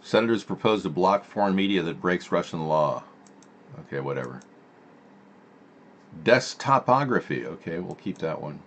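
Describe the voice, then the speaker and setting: Deep-voiced man muttering over headlines. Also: animated, normal speed, pauses often, a bit bright. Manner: muttering asides while reading headlines. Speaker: live stream host. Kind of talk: casual live stream commentary.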